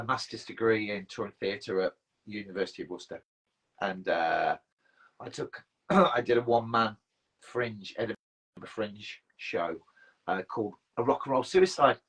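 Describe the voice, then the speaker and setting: A man's voice: lowish voice, a bit bright, breathy edge, low-quality recording. A middle-aged man, a band frontman, telling rambling self-mocking stories and swearing freely in casual livestream chat. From England.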